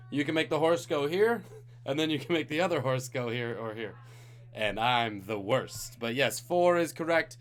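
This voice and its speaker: A man from Singapore hosting a live-streamed trivia night, reading questions with jokey, playful asides to the chat. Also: mid-range voice. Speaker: trivia host.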